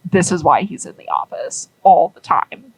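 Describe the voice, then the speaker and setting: A woman voicing a matter-of-fact male tugboat who explains things in a flat tone. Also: sits low, moderate pace, husky, no echo, heavily acted, rough recording.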